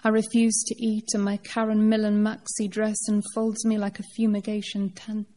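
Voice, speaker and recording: A woman poet giving a live reading, reciting in a measured, deliberate way. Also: medium pitch, completely flat delivery, warm tone.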